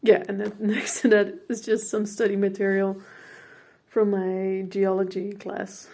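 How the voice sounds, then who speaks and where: A woman's voice: mid-range voice, completely flat delivery, measured pace, a little mellow. A young woman from the Netherlands, a native Dutch speaker, chatting casually about her portrait painting in a studio vlog, with lots of fillers and laughter, a bit out of breath.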